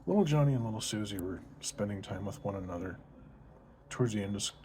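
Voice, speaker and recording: A man narrating a joke story in a casual, deadpan storytelling way. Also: lowish voice, fast, a little hiss or hum. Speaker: joke teller.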